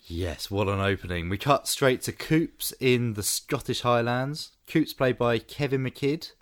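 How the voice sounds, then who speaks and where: A man's voice: mid-range voice, measured pace. A man co-hosting a casual film review podcast, dry and joking. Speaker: podcast co-host.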